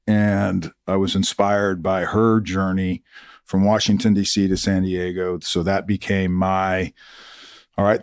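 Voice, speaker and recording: A middle-aged retired army colonel, appearing as a guest, tells stories in a conversational interview, his voice low-pitched. He is animated and acts out the dialogue of people he quotes, and the studio-quality recording has no room sound.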